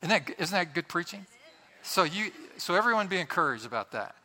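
Animated, bright-voiced male preacher. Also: high voice, a little fast. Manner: animated storyteller, laughs often. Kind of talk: sermon with a humorous story.

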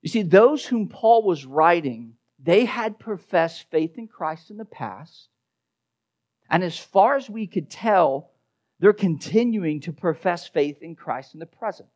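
A male pastor with a fairly high voice, delivering an expository sermon. He drives his points home with emphatic repetition, then sinks to a quiet, low voice when he reads the key verses. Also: expressive, measured pace.

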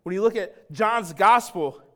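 Guy preaching a sermon, kinda high voice, gets loud then real quiet, very dramatic. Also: a little slow. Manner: emphatic, dramatic preaching that swings from loud to hushed; acts out quoted speech and addresses the congregation directly. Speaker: pastor.

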